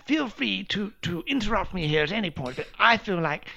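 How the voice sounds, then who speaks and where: Lively-voiced woman running a tabletop game. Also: medium pitch, a little fast, vocal fry. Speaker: game master.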